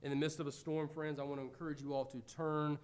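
A middle-aged American man preaching a sermon, earnest, moving between loud pleading and quiet reflection. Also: on the high side, level tone, fast.

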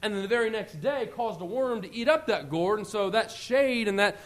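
A man preaching a conversational sermon, often swelling to loud emphasis. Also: high voice, lively intonation, moderate pace.

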